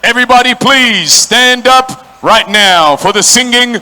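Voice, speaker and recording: At a boxing stadium, a ring announcer with a sharp tone and measured pace booms out to the crowd, working the audience as he introduces the fighters.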